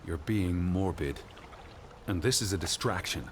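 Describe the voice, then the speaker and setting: An actor playing a cold, pedantic middle-aged gentleman scholar who speaks in a dry, dismissive, precise way. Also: low-pitched, moderate pace, a crowd in the background, natural voice. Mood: cool. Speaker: game character. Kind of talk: game voice acting. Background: game music.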